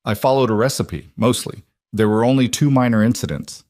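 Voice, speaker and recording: A man's voice: medium pitch, fairly quick, a little mellow, no room sound, clean studio sound, natural voice. A man doing a hesitant young businesswoman. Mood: sheepish. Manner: hesitant, self-deprecating. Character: awkward young woman executive, trying hard. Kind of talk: storybook dialogue.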